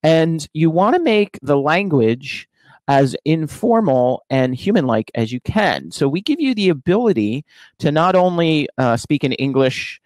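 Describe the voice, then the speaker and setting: A man's voice: fairly high pitch, sing-song, unhurried, a little mellow, no echo, rough recording. Dry-sounding man giving a casual tech talk. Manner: casual, explanatory, many fillers. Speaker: conference speaker. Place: home office.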